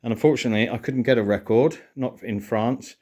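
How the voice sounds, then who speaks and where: A man's voice: medium pitch, brisk, a little mellow. A middle-aged British man vlogging, chatting casually and explaining things in detail with a playful streak.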